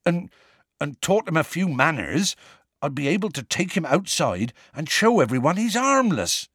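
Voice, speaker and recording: A man voicing a huge, gentle half-giant who speaks in rough country dialect, anxious and close to tears. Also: on the high side, sing-song, moderate pace, dry recording, pitched above the performer's own voice, heavily acted. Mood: desperate.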